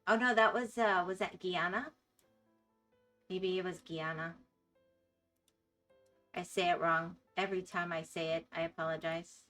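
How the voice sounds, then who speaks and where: A woman's voice: on the low side, steady tone, a little slow, pauses often, a bit bright, faint music behind. Chatty woman streamer with a Florida accent. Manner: chatty, laughs often, apologetic about pronunciation. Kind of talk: casual chat with stream chat.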